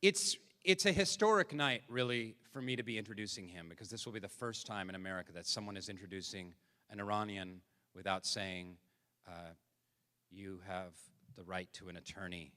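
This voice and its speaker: A man hosting a live comedy show, introducing the acts with deadpan, joking hype. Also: lowish voice, brisk. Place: large theatre stage. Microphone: stage microphone. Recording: live theatre hall reverb.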